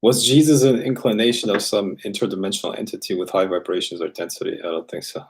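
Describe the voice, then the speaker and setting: Rambling, low-voiced male host. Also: fairly even intonation, fast talker, darkish tone. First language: raised bilingual. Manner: rambling, loose, with many fillers and restarts. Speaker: host answering viewer questions. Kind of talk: casual livestream chat.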